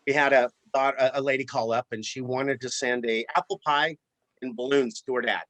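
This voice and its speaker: A man who runs a flower shop, telling a story in a relaxed interview with plenty of repeated words. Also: medium pitch, moderate pace, dry recording. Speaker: florist and shop owner. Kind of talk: casual storytelling in a podcast interview.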